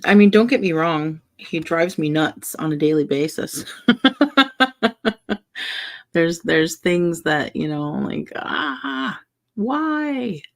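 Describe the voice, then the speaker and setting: A young woman chatting casually while building a wooden puzzle, rambling and soft-spoken with many fillers and restarts. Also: on the low side, vocal fry. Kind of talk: casual chat while crafting.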